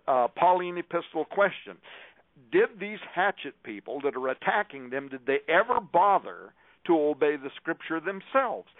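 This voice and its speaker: Older preacher on a tinny line. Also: male voice, on the high side, no echo. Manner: emphatic, preacherly, cites scripture chapter and verse. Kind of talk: radio show monologue to listeners. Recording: tinny phone-like dry sound.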